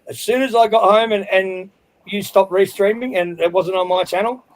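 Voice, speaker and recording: High-voiced Australian man telling an angry story. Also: steady tone, normal speed, poor audio. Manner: heated, profane storytelling with many restarts. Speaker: livestream panel regular. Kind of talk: casual livestream chat.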